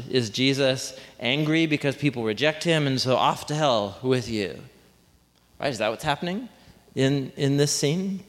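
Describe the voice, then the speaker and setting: A man's voice: medium pitch, a bit bright. A man preaching a sermon in a conversational, joking way, often restarting his sentences. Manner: conversational, self-interrupting, joking with the room. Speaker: pastor. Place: church hall. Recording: reverberant hall.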